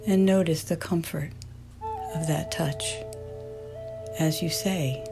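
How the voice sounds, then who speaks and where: A woman teacher leading a guided meditation, speaking softly and soothingly. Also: low-pitched, fairly even intonation, gravelly, music in the background. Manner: slow, soft and soothing.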